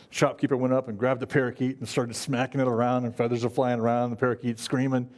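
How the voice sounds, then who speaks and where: A man preaching a conversational Bible-study sermon as pastor, in a folksy, halting way with frequent fillers and restarts. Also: medium pitch, level tone, darkish tone.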